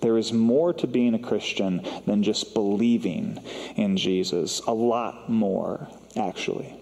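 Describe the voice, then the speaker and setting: A man's voice: lowish voice, unhurried, a little mellow, in a large hall, poor audio. A man preaching a sermon as a pastor, in a conversational, self-deprecating way with casual fillers. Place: church sanctuary.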